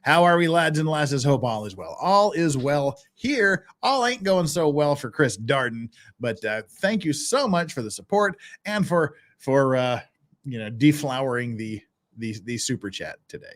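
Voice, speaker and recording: A man's voice: mid-range voice, animated, normal speed, a bit bright. A man commentating on a live stream, joking and sarcastic, cursing now and then, thanking viewers. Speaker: streamer reacting to trial footage.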